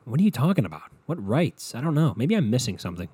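A man hosting a solo podcast, ranting casually with lots of swearing, swinging between low mutters and loud exasperated outbursts. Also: very animated, quick pace, breathy edge, no echo. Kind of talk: casual comedic rant.

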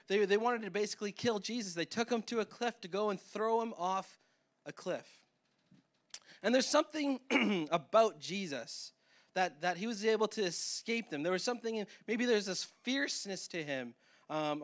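A man preaching a sermon as pastor in a church, often repeating words and restarting his sentences. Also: high voice. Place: church hall.

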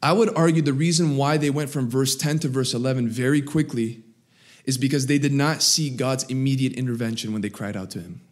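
A man preaching a sermon, swinging between raised, emphatic lines and low, quiet asides. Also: steady tone, fairly quick. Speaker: pastor.

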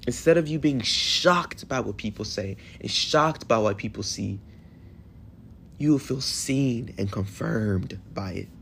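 A man in his twenties hosting a solo podcast in a hotel room, talking in an emotional, affirming way with animated bursts. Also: on the low side, a little slow, vocal fry, slight background noise. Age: 20s. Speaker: podcast host.

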